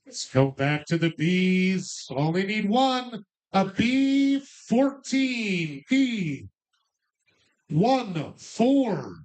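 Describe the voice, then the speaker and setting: A man's voice: sits high, very animated, darkish tone. Joking male bingo caller. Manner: calls numbers slowly, jokey asides. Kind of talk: live bingo calling with banter. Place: bar.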